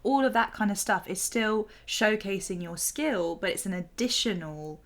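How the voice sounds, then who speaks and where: A woman co-hosting a podcast in casual debate chat, giggly and quick to laugh. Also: medium pitch. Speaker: podcast co-host.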